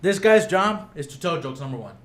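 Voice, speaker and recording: A man with a fairly high voice chats on a podcast, telling a story with animation and acting out what others said. He switches between Spanish and English mid-sentence. The room around him is echoey. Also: animated, a little fast. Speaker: podcast host. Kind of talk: casual chat.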